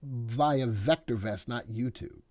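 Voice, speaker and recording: A man's voice: mid-range voice, slow, a little mellow, no room sound. Male live-stream stock host, joking and easygoing, dry sound. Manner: chatty and playful, talks to viewers by name.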